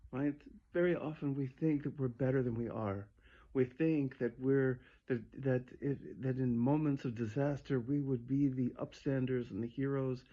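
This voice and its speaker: A man preaching a sermon built around a parable, earnest and conversational, often restarting his sentences, on a dull lo-fi recording. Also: medium pitch.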